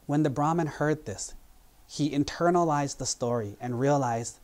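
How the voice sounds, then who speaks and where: A monk telling a parable. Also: male voice, fairly high pitch, darkish tone. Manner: simple, measured storytelling. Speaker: Buddhist monk. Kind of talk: sermon storytelling. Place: temple.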